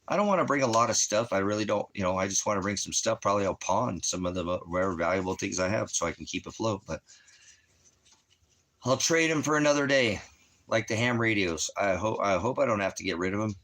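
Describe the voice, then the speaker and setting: Casting: deep-voiced man, loose rambling home vlog, halting delivery. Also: a bit bright. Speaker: vlogger. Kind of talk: casual personal talk to camera. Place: at home indoors.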